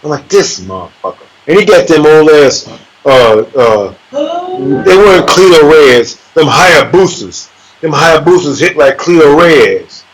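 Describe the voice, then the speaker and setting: A fairly high-pitched man spins a swaggering, profane story as an interview guest. He throws in sound effects and acts out other people's lines. His delivery is loose and lively. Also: unhurried, low-quality recording. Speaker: interview guest, MMA fighter.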